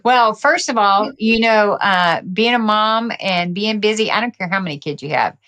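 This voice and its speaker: A middle-aged woman telling her story as a podcast guest, energetic and quick to laugh. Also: medium pitch. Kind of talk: casual interview talk.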